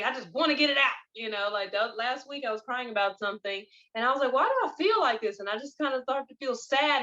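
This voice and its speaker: A woman hosting a podcast, telling stories in a casual spiritual chat with an animated, expressive manner. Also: high voice. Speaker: podcast host. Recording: dull lo-fi recording.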